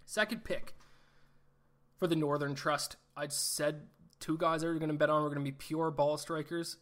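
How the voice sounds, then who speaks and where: A chatty man running through his sports betting picks, his voice sitting a bit high for a man. He lists numbers quickly and jokes at his own expense. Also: fairly even intonation, a bit bright. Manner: chatty, self-deprecating, reads stats in quick lists. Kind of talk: casual betting podcast talk.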